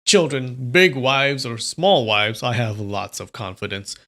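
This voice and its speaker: A man voicing a ruthless old male demonic sect leader, reading him loud, boastful and threatening. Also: mid-range voice, measured pace.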